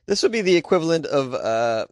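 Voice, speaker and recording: A man's voice: a little high, very animated, brisk, a little mellow, no echo, clean studio sound. An American man hosting a weird news segment, reading stories and mocking them sarcastically, often laughing. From United States. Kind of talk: sarcastic comedic news commentary.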